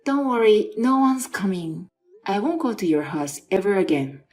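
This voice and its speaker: A woman's voice: mid-range voice, expressive, moderate pace, darkish tone, soft background music, lightly acted. A woman reading an exasperated, sarcastic wife. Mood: incredulous. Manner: incredulous and sarcastic. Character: young wife with an injured arm, exasperated. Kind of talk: dramatized story reading.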